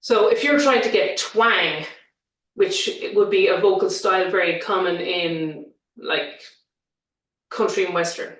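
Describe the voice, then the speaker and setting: A woman vocal coach chatting in an interview, talking in an animated way and sometimes showing vocal sounds. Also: lowish voice, unhurried, recorded from a distance. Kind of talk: casual interview chat. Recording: roomy, set back from the mic.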